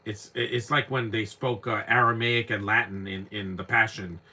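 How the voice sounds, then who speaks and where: A man's voice: lowish voice, steady tone, normal speed, pushed and bright. A young man giving casual live commentary on an old movie, rambling and repeating words as he searches for names.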